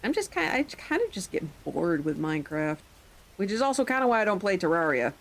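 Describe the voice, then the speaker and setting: A woman's voice: fairly low pitch, sing-song, a little fast, vocal fry, low-quality recording. A woman streaming live, chatting casually in a rambling way, with occasional swearing.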